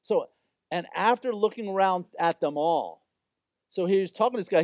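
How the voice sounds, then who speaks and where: A man's voice: sits high, animated, moderate pace, a little mellow, no room sound, dull audio. A man preaching a sermon as pastor, talking in an informal, conversational and emphatic way.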